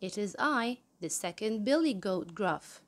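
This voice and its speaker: A woman voicing the middle billy goat, who bargains calmly with a troll in a children's story. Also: mid-range voice, a little slow, natural voice. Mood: bargaining.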